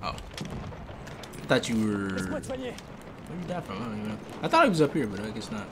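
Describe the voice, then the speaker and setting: Excitable, swearing male gameplay streamer. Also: medium pitch, moderate pace. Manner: excitable, swears a lot, makes gun-sound noises. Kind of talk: casual live gameplay commentary. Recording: game noise under the voice. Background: loud game sound effects.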